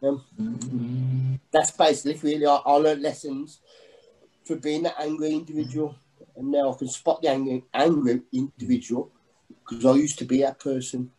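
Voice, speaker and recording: A middle-aged man giving a personal testimony in a halting, earnest way, full of restarts. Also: medium pitch, little pitch movement, mellow, rough recording. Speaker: guest sharing testimony.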